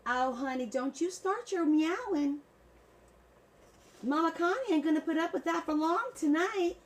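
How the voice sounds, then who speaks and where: A woman's voice: extremely high pitch, measured pace, a little hiss or hum, pitched above the performer's own voice. A woman putting on a sugary, drawling Southern accent to play a sassy mama scolding someone. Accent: American Southern (put on). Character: sassy Southern mama, sweet but stern.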